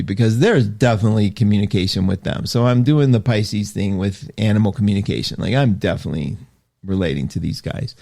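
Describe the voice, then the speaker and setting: A middle-aged man hosting an astrology show, chatting casually and reading out viewer comments with lively swoops of pitch and frequent laughs. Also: vocal fry.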